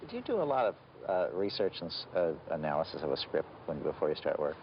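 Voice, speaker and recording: A man hosting an interview, asking measured questions and introducing film clips. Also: a bass voice, sing-song. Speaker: interview host. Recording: dull lo-fi recording with faint hiss.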